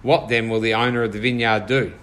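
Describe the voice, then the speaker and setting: A man with a fairly low voice leads a small group through a Bible study. He talks in a thoughtful, halting way, full of fillers and restarts, and a soft hiss sits under the recording. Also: little pitch movement, low-quality recording. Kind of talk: informal Bible study teaching.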